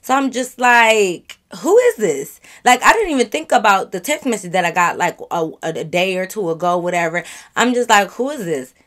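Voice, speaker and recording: Animated woman telling a storytime vlog. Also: mid-range voice, fairly quick. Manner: animated, chatty, addresses viewers as y'all. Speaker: vlogger.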